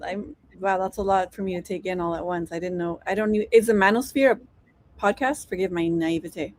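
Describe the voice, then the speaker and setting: A woman on a casual podcast panel, asking questions and thinking out loud. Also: on the low side, moderate pace. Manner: questioning, thinks aloud with restarts. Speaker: panel guest.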